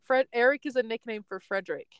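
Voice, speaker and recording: A young woman tells a story in a loose, chatty way, wandering off the point and laughing often. Her voice is smooth and clear, and it sits close and dry, with almost no room sound. She sounds like she is talking from a parked car. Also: on the high side, fast, dry recording, highs cut off. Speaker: podcast host telling a story. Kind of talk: casual storytelling chat.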